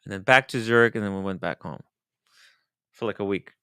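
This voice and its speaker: A man hosting a casual livestream chat, his voice bright and crisp. He is animated, laughs a lot and drifts into quiet mumbles. The sound is close and dry. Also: lowish voice, fairly quick, dry recording. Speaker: host.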